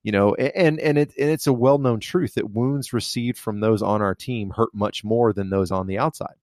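A man co-hosting a casual faith podcast, talking in a halting way with many fillers and restarts. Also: fairly low pitch, darkish tone, no room sound, studio quality. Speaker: podcast co-host.

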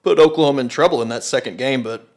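A man's voice: mid-range voice, fast, darkish tone. A man co-hosting a casual sports podcast in an easygoing, laid-back way. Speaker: podcast co-host.

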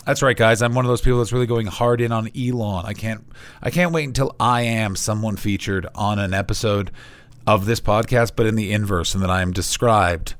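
A male comedian guest on a podcast, joking through profane, animated rants while walking outside in winter over a remote line. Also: lowish voice, a little fast.

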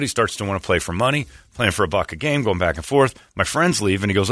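A man hosting a podcast, telling a story comically and animatedly, jumping into high, mocking shouts. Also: animated, fairly quick, no room sound, clean studio sound. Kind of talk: comedic storytelling.

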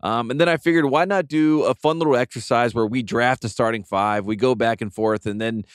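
A man hosting a casual sports podcast, relaxed and talkative, with frequent filler "um"s. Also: medium pitch, brisk, clear, resonant tone, dry recording, studio quality. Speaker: podcast host.

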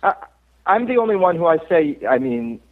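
A man's voice: fairly high pitch, big pitch swings, moderate pace. A middle-aged man from Cape Cod, an actor being interviewed, telling stories in a chatty way with frequent laughs. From Cape Cod, Massachusetts. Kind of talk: casual interview chat. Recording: tinny phone-like line.

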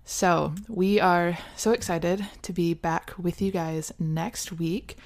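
Brief: cheerful woman podcast host with a low voice, outro read. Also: fairly even intonation, takes it slowly.

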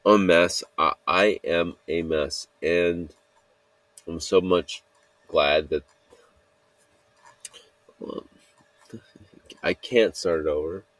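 Low, slow, rambling male podcaster. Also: fairly even intonation, fairly bright tone, no echo. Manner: halting, full of fillers and restarts, self-critical. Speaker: podcast host. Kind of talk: rambling solo podcast monologue.

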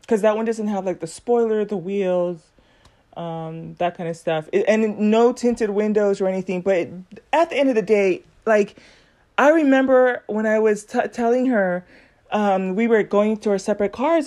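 A woman's voice: mid-range voice, mellow. A woman hosting a podcast in a casual chit-chat monologue, talking with many fillers and acting out the conversations she tells. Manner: chatty, many fillers, acts out quoted dialogue. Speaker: podcast host.

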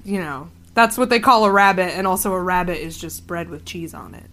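A woman co-hosting a podcast over a voice call, laughing often and pausing as she introduces a story. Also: fairly low pitch, fairly bright tone. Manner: amused, laughs often, halting when reading. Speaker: podcast co-host. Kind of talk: casual comedic chat, reading out stories. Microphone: remote call mic.

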